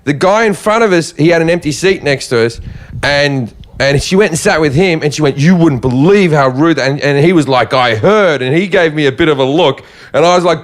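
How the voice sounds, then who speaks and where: A man as a podcast guest telling a brash, profane story in casual chat. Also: a little high.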